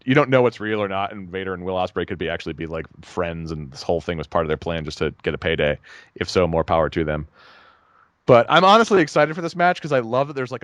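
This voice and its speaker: A man co-hosting a podcast, chatting casually in a rambling, animated way and laughing at his own jokes. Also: on the low side, dry recording. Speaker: podcast co-host. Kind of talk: casual chat.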